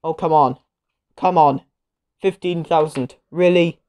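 This woman's voice is low with a steady tone and a slightly slow pace. She chats casually as she plays a game show video game, loudly reacting to each outcome and quick to get annoyed.

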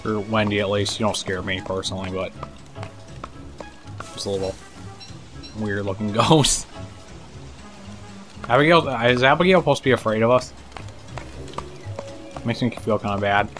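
Bright-voiced man narrating gameplay. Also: lowish voice, normal speed, pauses often, faint music behind. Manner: chatty, talks to game characters, swears, laughs. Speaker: gameplay commentator. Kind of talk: casual let's-play commentary.

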